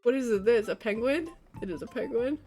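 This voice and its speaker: A young woman streaming a game, chatting casually and breaking into loud laughing shrieks. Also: a little high, fairly quick, faint music behind. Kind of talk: casual gaming stream chat.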